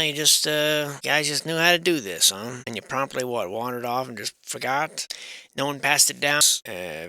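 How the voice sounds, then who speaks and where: A man's voice: medium pitch, bright, forceful tone, dry recording. A man giving casual, rambling commentary on old photographs of historic houses, sarcastic and irreverent, swearing freely and thinking aloud. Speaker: channel host.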